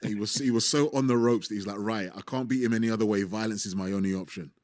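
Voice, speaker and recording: A man with a British accent, a podcast guest joking around in quick, playful ribbing. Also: on the low side, steady tone, a little mellow, no echo, clean studio sound. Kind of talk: casual podcast chat.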